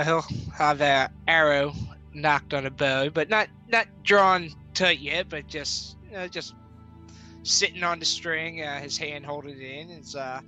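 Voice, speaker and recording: A man's voice: a little high, pushed and bright, low-quality recording. A man playing a tabletop game, hesitantly describing what his character does. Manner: hesitant, searching for words. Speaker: player. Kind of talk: casual role-play chat.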